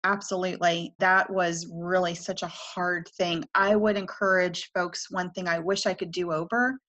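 A woman speaking as a guest in a casual conversation, earnest and reflective in a gentle way. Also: lowish voice, steady tone, normal speed.

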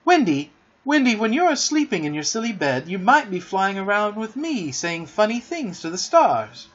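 A man's voice: high voice, very animated, moderate pace, fairly bright tone, voice pushed up, exaggerated voice. A man voicing a boastful, cunning young boy in a storybook reading, with a coaxing, sly manner in a dull lo-fi recording.

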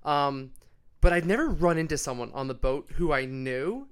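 A man's voice: on the high side, lively intonation, moderate pace, clean tone. An American man in his twenties, a podcast guest telling a story in an easygoing, joking way. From New York, US. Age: 20s. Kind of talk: casual chat.

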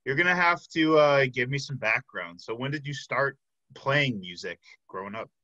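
A man hosting a podcast in casual chat, hesitant, with lots of fillers, trailing off softly. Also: mid-range voice, expressive, moderate pace, no room sound, highs cut off. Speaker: podcast host.

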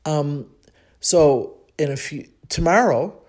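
A woman from Chicago with a Chicago accent, hosting a podcast and telling a personal story in a chatty, reflective way, thinking aloud with frequent pauses. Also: deep voice, expressive, darkish tone. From Chicago, United States. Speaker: podcast host.

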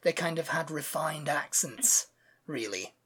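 A woman chatting casually as a podcast co-host. Her voice sits low for a woman, and she rambles, starting her sentences over and over. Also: expressive, unhurried, a bit bright, slightly rough. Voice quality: rambling, with many restarts. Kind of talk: casual chat.

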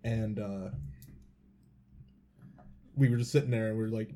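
Laid-back, mellow-voiced band member. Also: male voice, lowish voice, steady tone, measured pace. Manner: laid-back, swears casually. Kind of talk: casual podcast chat.

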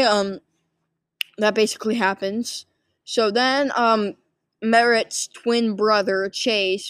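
With a medium-pitched voice and no room sound, a drowsy movie recap vlogger yawns her way through a plot summary. She rambles casually, filling it with fillers and false starts.

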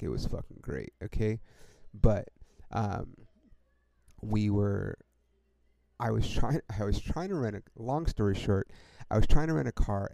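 Young dude with a low gravelly voice, dry close sound, rambling story, swears a lot. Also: male voice, dark tone, dry recording. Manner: profane, laid-back, full of fillers like "dude" and "like". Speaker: podcast host.

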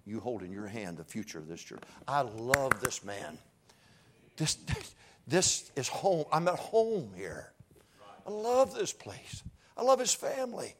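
Preacher man swinging from hush to shouts. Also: mid-range voice, slight background noise. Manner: swings from hushed pleading to far-off shouting; folksy, joking asides. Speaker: guest preacher. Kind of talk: revival sermon. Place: church sanctuary.

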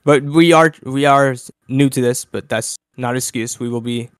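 A young student co-hosting a casual podcast in a tired voice, talking haltingly with lots of fillers. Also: male voice, mid-range voice, clear, resonant tone, no room sound, clean studio sound. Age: young adult. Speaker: podcast co-host. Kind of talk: casual chat.

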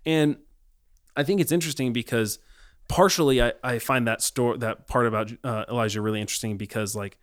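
A man co-hosting a casual faith discussion, talking reflectively with many pauses and ums. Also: mid-range voice, no echo, clean studio sound.

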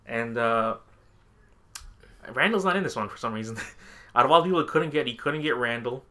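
A man's voice: mid-range voice, moderate pace, sharp tone. A young man co-hosting a podcast in casual chat, rambling and laughing often as he quotes movie lines. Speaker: podcast co-host.

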